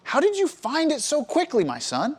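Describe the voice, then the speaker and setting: A preacher voicing Isaac, an old blind father, in a slow, measured, questioning way. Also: very high-pitched, huge pitch swings, pitched above the performer's own voice, exaggerated voice. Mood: doubtful. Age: older.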